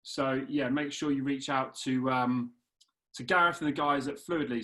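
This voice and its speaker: A man hosting a live webinar in a relaxed, friendly way with many "uh"s and "um"s. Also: mid-range voice, normal speed. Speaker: webinar host.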